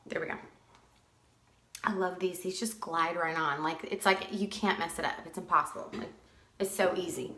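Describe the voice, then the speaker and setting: A woman's voice: lowish voice, steady tone, moderate pace, long pauses, pushed and bright, roomy sound. A chatty woman giving a casual live makeup tutorial at home, greeting viewers by name as she works. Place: at home, with dogs nearby.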